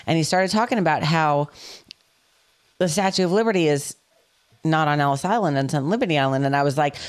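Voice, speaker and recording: A woman's voice: sits low, fairly quick. A woman co-hosting a podcast, telling a story in casual chat and acting out phone calls with lots of swearing. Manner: animated, profane, acts out phone calls. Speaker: podcast co-host.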